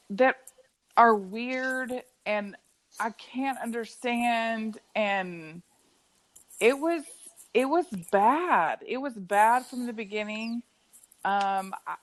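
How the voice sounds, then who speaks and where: A woman co-hosting a casual football podcast, frustrated and halting as she talks. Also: medium pitch, rough recording. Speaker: podcast co-host. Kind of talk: casual sports talk podcast.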